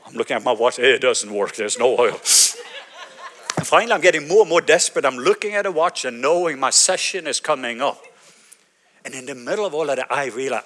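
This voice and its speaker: A Norwegian man in his fifties with a Norwegian accent, preaching a sermon as an animated storyteller. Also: mid-range voice, a little fast. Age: 50s. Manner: animated storytelling, acting out his own quoted words.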